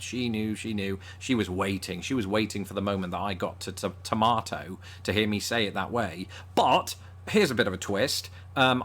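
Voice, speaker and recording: A man's voice: fairly low pitch, fairly bright tone. A man with a northern English accent presenting a scripted video with dry, self-deprecating humour. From northern England. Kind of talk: scripted comedic commentary.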